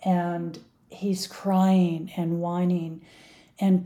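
Woman, middle-aged, interview guest, earnest, emphatic, lowish voice. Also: fairly even intonation, unhurried, dark tone. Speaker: guest, mother of a victim. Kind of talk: interview conversation.

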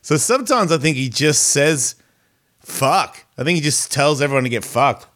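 A man's voice: fairly high pitch, lively intonation, a little fast, fairly bright tone. Rambling, distractible podcast host, a man. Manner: rambling, profane, easily distracted. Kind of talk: casual chat. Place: home studio with a pet cat nearby.

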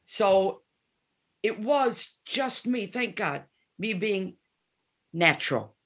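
Taking her time in a medium-pitched voice, a woman in her seventies recounts frank stories as the guest musician in a casual interview, lively in delivery and voicing the quoted people herself.

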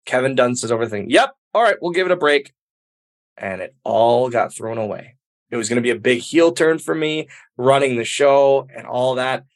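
A man, a professional wrestler, telling stories as an interview guest in a lively, casual way, acting out quoted dialogue and filling in with "like". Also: mid-range voice. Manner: animated, acts out quoted dialogue, many fillers like "like".

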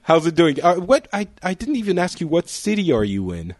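A man's voice: on the high side, wildly swooping pitch, a little fast, dry recording, studio quality. A man from France hosting a casual panel podcast, playful and teasing, often laughing at his own slips. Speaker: podcast host.

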